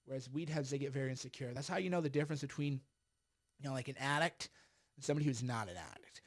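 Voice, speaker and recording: A man's voice: mid-range voice, quick pace. A middle-aged man giving blunt, emphatic political commentary on a livestream while smoking a cigar.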